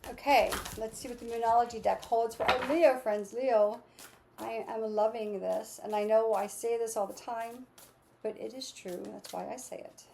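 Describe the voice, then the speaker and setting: A woman's voice: fairly high pitch, fairly even intonation, normal speed, creaky, a little mellow, slight background noise. A woman giving a casual, enthusiastic tarot and astrology reading, repeating her affirmations. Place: home with lawnmowers outside.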